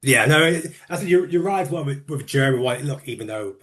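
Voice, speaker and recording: A man's voice: medium pitch, animated, brisk, fairly bright tone. A man from the UK hosting a casual interview, chatty, often starting with "look" and "mate" and repeating words. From United Kingdom. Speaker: interview host.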